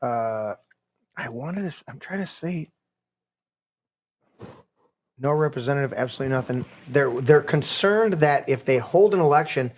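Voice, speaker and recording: A man's voice: medium pitch, animated, fairly quick. A man hosting a podcast, ranting casually and reading news articles aloud, rambling, swearing and stumbling over words. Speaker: podcast host.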